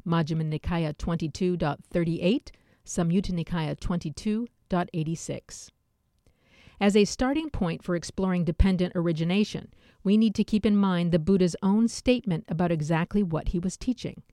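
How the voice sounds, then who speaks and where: A woman narrating a nonfiction book in a measured, explanatory way, dropping in dry, wry asides. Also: fairly low pitch, dark tone, no echo. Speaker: audiobook narrator. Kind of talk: scripted nonfiction reading.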